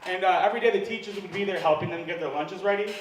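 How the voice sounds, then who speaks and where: On a comedy club stage, a stand-up comedian with a high voice talks rapid-fire, self-deprecating and chatting with the crowd while laughing between jokes. The recording is noisy, picked up from far off in an echoey live room.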